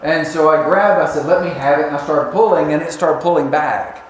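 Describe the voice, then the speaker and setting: A high-voiced man preaches a sermon, spinning a folksy story with long, drawn-out pauses. His voice carries through an echoey church room over a faint hum of ambience.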